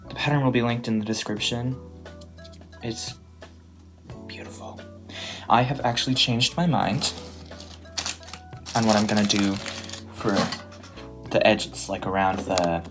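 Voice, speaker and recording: Young woman rambling about her crochet project, super deep voice, slow and easy, music playing under her. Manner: rambling and chatty, with frequent ums and likes. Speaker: crochet and craft vlogger. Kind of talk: casual vlog chat. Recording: voice over clear background music.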